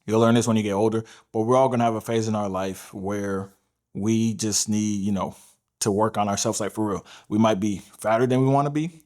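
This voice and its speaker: Man, dating coach, blunt, profane, quick delivery, lowish voice. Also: steady tone, darkish tone. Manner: blunt, profane, repeats "all right?" and "right?". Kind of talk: direct-to-camera dating advice.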